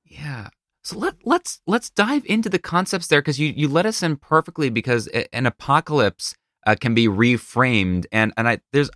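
A man with a lowish, slightly bright voice hosts a podcast, chatting casually and spinning stories with playful asides. The recording is clean, made on a studio mic in a treated home studio with no room sound.

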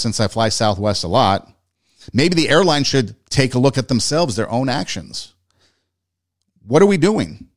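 A man delivering an opinionated monologue, ranting with exasperated complaints. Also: medium pitch.

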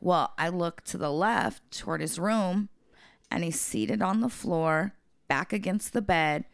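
Casting: low-pitched woman with a gravelly edge, blunt and profane, dry close mic. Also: unhurried, no room sound. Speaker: podcast co-host. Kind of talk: casual storytelling chat.

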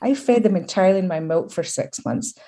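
A woman's voice: fairly low pitch, fairly quick. A middle-aged Scottish woman giving a candid interview, telling stories with humour and pride. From Scotland. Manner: lively, humorous, proud storytelling. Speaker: interview guest.

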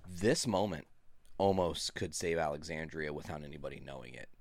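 Deep-voiced, measured male co-host. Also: dry recording. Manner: measured, analytical. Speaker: podcast co-host. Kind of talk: casual comic book discussion.

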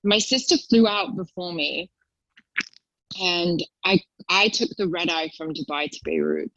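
Brief: young woman, animated storyteller, dry and slightly dull recording. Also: a little slow, no echo. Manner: chatty storyteller, acts out quotes in a high voice. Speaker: guest. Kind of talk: casual chat.

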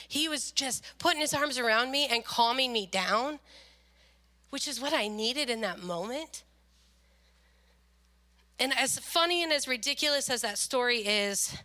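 Woman, middle-aged, high voice, preaching, animated storyteller. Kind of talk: sermon with personal storytelling.

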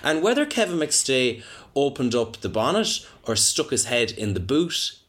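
A man with an Irish accent co-hosting a comic sports podcast, rambling in a mock-serious, deadpan way. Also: mid-range voice, unhurried. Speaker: podcast co-host.

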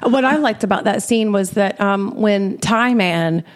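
A woman's voice: mid-range voice, measured pace. A woman co-hosting a podcast in casual chat about a film, often acting out the characters' lines. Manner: chatty, acts out characters' lines in quotes. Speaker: podcast co-host.

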